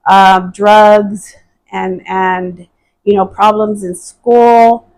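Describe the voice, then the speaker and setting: On a rough recording, a woman draws out her words in a medium, fairly even, slightly mellow voice. She is a podcast guest giving her testimony earnestly but hesitantly, full of fillers and restarts.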